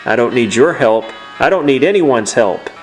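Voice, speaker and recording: A man's voice: medium pitch, animated, moderate pace, faint music behind, close to an everyday voice. A man voicing an old male sage in a video game who is consumed by grief and fury. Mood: enraged.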